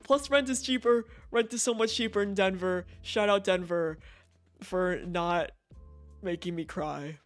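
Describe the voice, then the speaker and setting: A man's voice: sits high, measured pace, soft background music. A young man streaming from home, chatting casually and swearing freely with frequent laughs. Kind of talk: casual live-stream chat.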